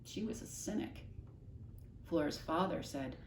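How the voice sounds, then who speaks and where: A woman teacher reads a children's novel aloud to her class, expressive and pausing to explain hard words. Her voice sits on the low side and rings through an echoey room, heard from a distance over a faint room hum.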